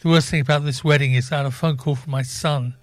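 A man's voice: on the high side, fairly even intonation, fast talker, crowd noise. An older man co-presenting a radio show, telling easygoing stories. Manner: easygoing storyteller. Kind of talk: casual radio banter.

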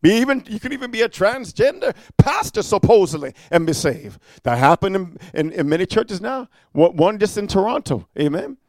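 A preacher giving a fiery sermon, firing off rebukes and rhetorical questions with repeated "amen" and "huh", moving between quiet storytelling and loud warnings. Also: male voice, high-pitched, very animated, moderate pace, hardly any pauses, dry recording.

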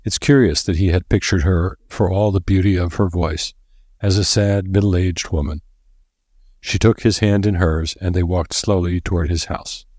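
A man narrates an audiobook in a steady, measured way. His voice is deep and husky. The recording is dry and close, with no room sound. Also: dry recording. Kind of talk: scripted narration.

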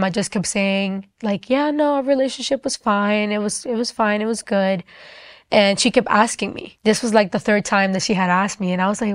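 A woman's voice: medium pitch, no echo, clean studio sound. A young woman giving a personal faith testimony, talking earnestly with frequent fillers. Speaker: testimony speaker.

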